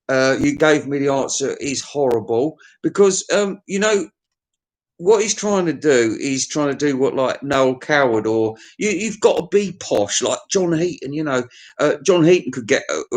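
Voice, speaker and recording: A man giving a rambling, blunt, sweary music review, often stammering and restarting. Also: mid-range voice. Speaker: album reviewer. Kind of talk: rambling casual review monologue.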